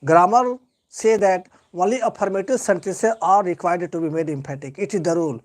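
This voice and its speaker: A man's voice: sits high, brisk. A man with an Indian English accent teaching an English grammar lesson live, lecturing earnestly and repeating key points with heavy stress.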